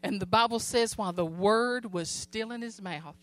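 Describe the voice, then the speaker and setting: Woman preacher, bright higher voice, dry close sound, plain retelling of scripture. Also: moderate pace, dry recording. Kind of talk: sermon.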